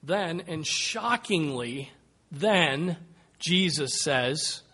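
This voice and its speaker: A man preaching a sermon, slow and emphatic, dropping to a hush and rising to loud calls. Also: high-pitched, lively intonation. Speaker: pastor.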